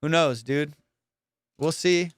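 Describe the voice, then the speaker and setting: A man's voice: fairly high pitch, slow pace, very noisy. A man hosting a comedy podcast, rambling casually, swearing a lot and laughing often. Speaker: podcast host.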